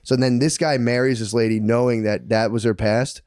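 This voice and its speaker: A man co-hosting a podcast, retelling a book in a rambling, animated way, full of "dude" and "like". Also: medium pitch, moderate pace, no room sound, clean studio sound. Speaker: podcast co-host. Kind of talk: casual chat, retelling a book.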